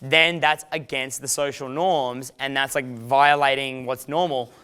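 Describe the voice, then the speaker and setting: A man's voice: mid-range voice, fairly even intonation, unhurried, bright, forceful tone, clear, resonant tone. A man, a dating coach giving a casual, profane instructional talk and acting out quoted lines.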